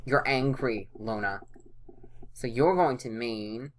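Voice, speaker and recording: Using a bass voice and taking her time, a woman hosts a let's play, casually commenting on a life-simulation game. She's chatty and playful and sometimes voices her characters' lines.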